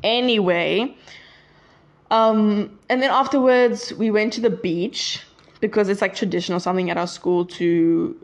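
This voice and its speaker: A teen vlogger chats loosely with her audience, meandering and frequently losing the thread. She speaks at a measured pace in a medium pitch.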